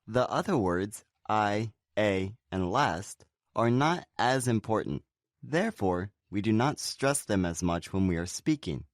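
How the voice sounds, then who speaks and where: A man co-presenting a scripted pronunciation lesson, explaining in a relaxed way and saying example words slowly and clearly. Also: on the low side, no echo, clean studio sound. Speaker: pronunciation teacher.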